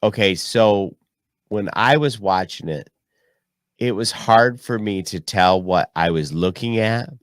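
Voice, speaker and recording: Relaxed, low-voiced man co-hosting a chat. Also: unhurried, no room sound, studio quality. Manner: relaxed, joking, conversational. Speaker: podcast co-host. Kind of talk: casual chat.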